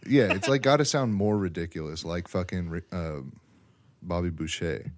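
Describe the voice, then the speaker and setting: A man's voice: low-pitched, moderate pace. A young man co-hosting a podcast in casual, blunt, profane chat. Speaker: podcast co-host.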